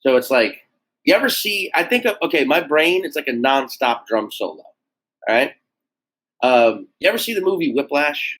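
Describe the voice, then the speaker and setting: A man in a casual podcast interview, an animated storyteller who swears freely and acts out quoted voices. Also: a little high, normal speed, low-quality recording. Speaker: guest comedian.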